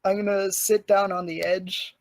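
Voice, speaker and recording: A woman playing a tabletop game, talking in halting phrases broken up by giggles. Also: medium pitch, flat delivery, darkish tone, dry recording, clean studio sound. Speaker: player. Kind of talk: casual tabletop game chat.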